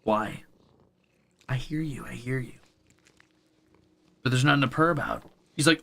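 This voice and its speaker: A man's voice: on the high side, normal speed, vocal fry, long pauses, bright, forceful tone. A young man streaming casually, coaxing and teasing his pets with a playful, casual cursing manner. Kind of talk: casual live stream chat.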